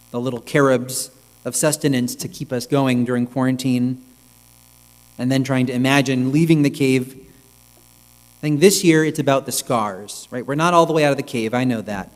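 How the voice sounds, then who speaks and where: A male rabbi giving a reflective, measured sermon, with pauses, in a synagogue sanctuary. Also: medium pitch, steady tone. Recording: long reverb with mains hum.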